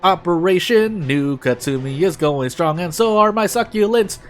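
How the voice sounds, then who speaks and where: A man reads aloud the diary entries of a lonely, anxious young office worker, his high voice jumping with emphasis between cheer and worry. The delivery is animated and upbeat at a normal speed, with faint game music in the background.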